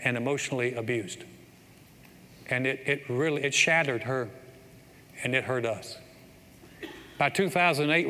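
Bright-voiced middle-aged pastor in a reverberant hall. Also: male voice, medium pitch. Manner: storytelling, builds to excited exclamations. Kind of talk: sermon. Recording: long hall reverb, faint ambience.

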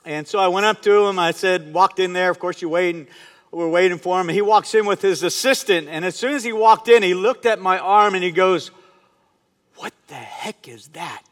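A man in his fifties with a high voice preaches in a conversational, storytelling way. He often turns to the congregation with questions. His voice carries a long reverb from a large hall. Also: fairly even intonation, fairly quick, fairly bright tone. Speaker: pastor. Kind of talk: sermon.

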